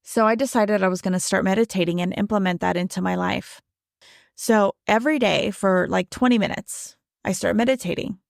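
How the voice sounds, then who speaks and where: Gravelly-voiced woman podcaster in her thirties. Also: mid-range voice, brisk, no echo, studio quality. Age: 30s. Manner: casual, conversational, frequent "like" and "right?". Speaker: podcast host. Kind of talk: personal storytelling monologue.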